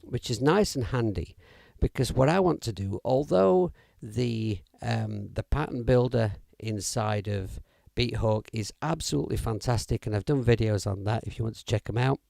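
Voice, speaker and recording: Gravelly, mellow-voiced man livestreaming. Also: mid-range voice, normal speed, hardly any pauses, dry recording, studio quality. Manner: chatty, rambling, with fillers and self-corrections. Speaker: music app demo livestreamer. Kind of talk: casual live-stream demo. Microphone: audio interface mic.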